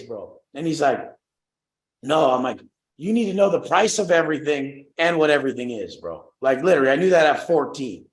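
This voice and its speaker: A brash young man leads a motivational group coaching call, swearing freely and acting out the voices of the people he talks about. His voice sits a little high. The sound is roomy and echoing. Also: animated, a little fast.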